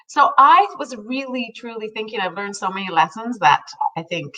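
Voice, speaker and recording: Heard through a distant mic in a rough recording, a co-host in her 50s speaks at normal speed in a slightly high voice. She's chatting casually, telling stories with plenty of laughter and acting out what people said.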